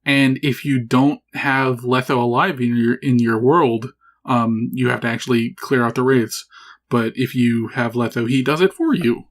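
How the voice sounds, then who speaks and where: A man voicing a chatty old woman who asks for help clearing out her estate. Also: mid-range voice, fairly even intonation, normal speed, close to an everyday voice. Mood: pleading. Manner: casual, rambling request.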